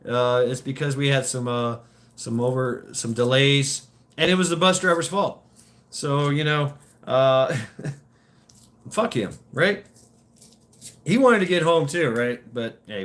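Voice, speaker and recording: A man's voice: medium pitch, a bit bright. A man spinning a casual story, rambling with restarts and plenty of cursing. He breaks into laughter often as he goes. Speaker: vlogger.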